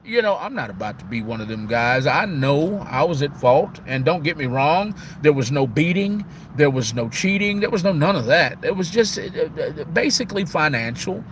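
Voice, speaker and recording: A man's voice: a little high, lively intonation, moderate pace, few pauses, slight background noise. A heartbroken man on the verge of tears, talking casually on a live stream and repeating "man" and "y'all". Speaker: livestream host.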